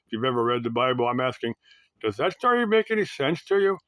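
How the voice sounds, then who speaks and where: A man hosting a rambling solo talk, musing aloud in a halting way, with many uhs and restarts. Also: medium pitch, very animated, a bit bright, clear, resonant tone, dry recording.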